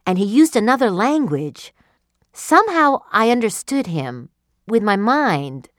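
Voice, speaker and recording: A woman's voice: medium pitch, sing-song, measured pace, no room sound, clean studio sound, pitched above the performer's own voice. A woman voicing an eager, wondering alien wife who tells of a strange dream, in a read-aloud story. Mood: earnest.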